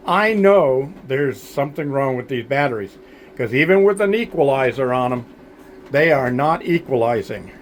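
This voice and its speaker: A man vlogging a blunt, aggravated rant, talking to his viewers with many fillers and pauses. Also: medium pitch, expressive, a little hiss or hum. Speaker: homesteading vlogger. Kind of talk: frustrated to-camera vlog rant.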